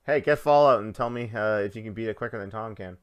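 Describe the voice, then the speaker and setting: A man's voice: on the low side, fast talker, clear, resonant tone, lo-fi sound. A man hosting a casual gaming podcast, easygoing and full of filler "uh"s. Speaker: podcast host.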